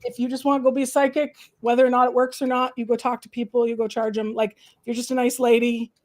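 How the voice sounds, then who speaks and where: A woman host chatting casually on a livestream, animated and opinionated, tossing in "like" and "right?" often. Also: fairly high pitch, fast talker. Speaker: host, professor and counsellor.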